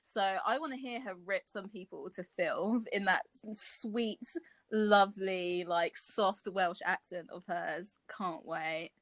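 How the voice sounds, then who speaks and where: A woman's voice: mid-range voice, slow pace, fairly bright tone, no echo. Theatrical, gushing woman. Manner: gushing and theatrical, with gasps and cackles. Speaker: podcast co-host. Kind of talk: casual chat.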